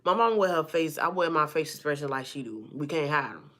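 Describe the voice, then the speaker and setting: A woman vlogger telling a personal story to her viewers in a lively, chatty way, calling them y'all and honey and acting out the people in it. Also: sits low, brisk. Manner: acts out the people in her stories.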